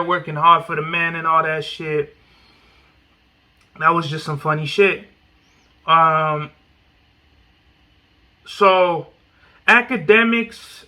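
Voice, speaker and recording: Bright-voiced man, rambling podcast host. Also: on the high side. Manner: rambling, profane slang-heavy storytelling. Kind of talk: casual chat.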